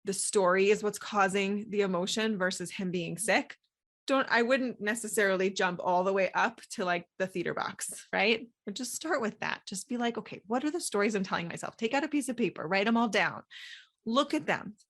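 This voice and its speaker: A woman's voice: mid-range voice, moderate pace, a bit bright. A woman hosting a solo coaching podcast, talking casually with many fillers and acting out inner thoughts. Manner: chatty, lots of "like" fillers, acts out inner voices.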